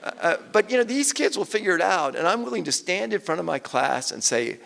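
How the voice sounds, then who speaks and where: This is an older man speaking at an evening event, his voice slightly high with a gravelly edge. He tells stories animatedly, slipping into quoted voices, and the sound carries a long hall reverb. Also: brisk, hardly any pauses. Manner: animated storyteller, quotes people in lively voices. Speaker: author and guest speaker. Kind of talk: conversational stage talk.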